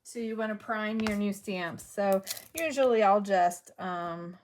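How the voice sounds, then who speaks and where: Slow, musing crafting woman. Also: medium pitch, a little mellow, slight background noise. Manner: talks to herself while working, trailing off and muttering. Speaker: craft video host. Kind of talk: casual crafting commentary.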